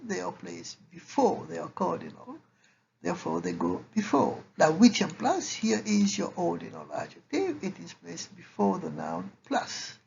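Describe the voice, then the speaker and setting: A French teacher runs a slide-based grammar lesson in a fairly low, gravelly voice, patiently explaining every example in English and French and checking in with "okay?". The lo-fi recording is slightly muffled and dull, with a faint hiss.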